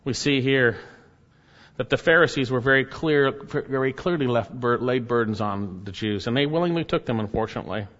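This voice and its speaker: A man's voice: mid-range voice, moderate pace, a bit bright. Earnest preaching man in a reverberant hall. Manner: earnest, emphatic preaching with rising and falling intensity. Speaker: pastor. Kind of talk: expository sermon. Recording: muffled, with long hall reverb.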